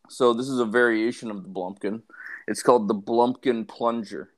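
A young man co-hosting a podcast, trading crude jokes in casual banter, laughing, swearing and clearing his throat often. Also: mid-range voice, fairly even intonation, normal speed. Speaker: podcast co-host.

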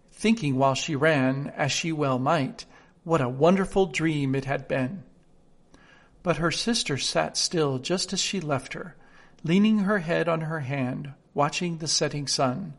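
A man narrating a storybook in a steady, clear reading voice. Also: on the high side.

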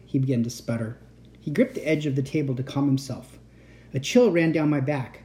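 A woman reading a chapter book aloud in an expressive, dramatic storytelling manner. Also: a bass voice, normal speed.

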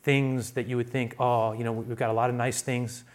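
A man preaching a sermon as pastor, who often restarts his phrases and swings between quiet asides and loud, raised emphasis. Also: flat delivery, moderate pace. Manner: builds to loud, high-pitched emphasis, then drops to quiet asides; repeats words and restarts phrases.

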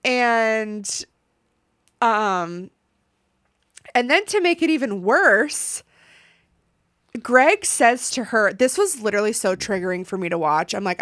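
Young woman podcast host, smooth clear voice, dry close sound, animated recap. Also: a little high, unhurried, long pauses, dry recording. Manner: animated, swearing, acts out quotes. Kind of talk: casual reality-show recap.

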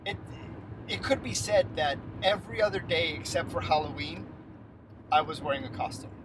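A man's voice: on the high side, moderate pace. A man in his thirties telling a story in casual chat, acting out the people he quotes and laughing as he goes. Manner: animated, acts out quotes, laughs mid-story. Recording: noisy recording with traffic outside.

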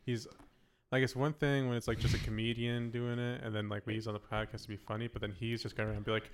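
A man's voice: medium pitch, little pitch movement, quick pace, slight background noise. A young man co-hosting a podcast in casual chat, rambling and jokey, often slipping into silly voices. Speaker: podcast co-host.

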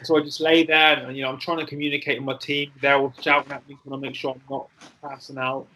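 A man in his forties telling a personal story in an interview, candid and halting, with frequent fillers and swearing. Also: mid-range voice, flat delivery, bright, forceful tone, a little hiss or hum, low-quality recording. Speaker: interview guest, former soldier.

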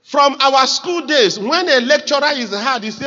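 A man's voice: very high-pitched, expressive, moderate pace, sharp tone, muffled recording. A man with a Nigerian accent preaching a sermon as pastor, emphatic and calling on the congregation to repeat lines back.

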